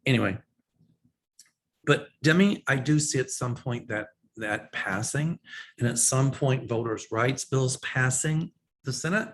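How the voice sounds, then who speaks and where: A man's voice: mid-range voice, animated, slow pace, long pauses. A man answering viewer questions as a psychic host in a casual, opinionated way, with frequent ums and restarts. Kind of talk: casual livestream Q&A.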